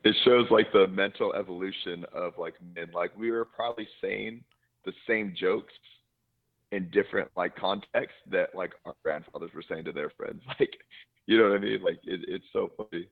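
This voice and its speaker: Low-voiced swearing man, tinny sound. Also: fairly even intonation, moderate pace. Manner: rambling, swears freely, laughs often. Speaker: podcast co-host. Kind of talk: casual chat.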